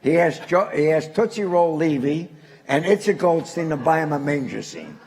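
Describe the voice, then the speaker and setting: A man's voice: on the high side, normal speed. An older man from Newark, telling anecdotes to a live audience as a guest speaker. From Newark, New Jersey. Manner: animated anecdotal storyteller, chuckling punchlines.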